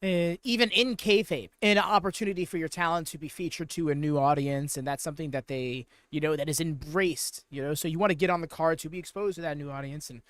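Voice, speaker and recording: A man's voice: a little high, quick pace, few pauses, a bit bright, no room sound, clean studio sound. A man hosting a live wrestling watchalong stream, chatting casually and answering viewers in chat. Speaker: watchalong host.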